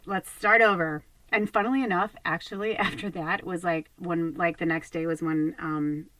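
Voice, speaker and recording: Woman medium host; rambling, candid, profane chat with laughs; lowish voice, dry close sound. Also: sharp tone, no echo, low-quality recording. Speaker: spiritual medium, channel host. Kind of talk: casual talk to viewers.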